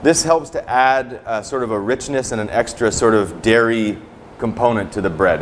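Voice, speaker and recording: A man's voice: fairly low pitch, a little hiss or hum. A man teaching a cooking class while demonstrating, talking casually and ending most sentences with "right?" or "okay?". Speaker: culinary instructor. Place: teaching kitchen.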